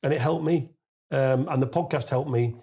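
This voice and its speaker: On a podcast, an English guest in his forties recounts a long anecdote at normal speed in a gravelly voice, peppering it with fillers, restarts and casual swearing. He's an animated storyteller who grows louder and higher, laughing in disbelief as he delivers the punchline.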